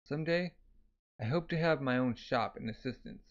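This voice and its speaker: A man's voice: medium pitch, normal speed, natural voice. A man voicing an earnest young man, a former gang lieutenant, as he reads a manga aloud. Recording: slightly dull lo-fi audio.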